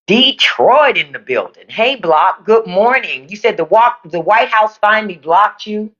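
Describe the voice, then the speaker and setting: Livestream host, casual chat, blunt and profane, lively pitch, dull phone audio. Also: measured pace, few pauses. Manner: blunt, profane political opinions; animated, emphatic. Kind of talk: casual live chat reading viewer comments.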